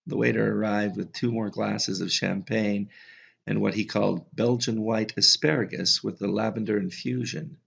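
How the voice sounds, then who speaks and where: Low gravelly guy reading an audiobook, calm, kinda muffled audio. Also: moderate pace. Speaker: audiobook narrator. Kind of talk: scripted narration. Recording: slightly dull lo-fi audio.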